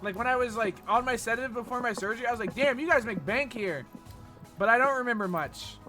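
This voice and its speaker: A young American man streaming games and chatting casually, animated and profane, jumping between loud outbursts and low mumbles. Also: quick pace, faint music behind. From United States. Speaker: Twitch streamer. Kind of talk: casual live-stream chat while gaming.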